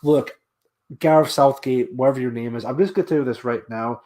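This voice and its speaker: A man's voice: mid-range voice, brisk, darkish tone. A man hosting a casual livestream, talking in a rambling way, repeating himself and making scornful asides. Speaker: livestream host.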